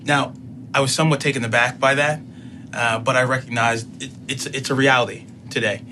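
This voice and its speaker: A man in his thirties, a councilman and student, telling a personal story in an interview in a measured way, quoting what was said. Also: mid-range voice, fairly even intonation, sharp tone, slight background noise. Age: 30s. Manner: measured, recounting events with quoted dialogue.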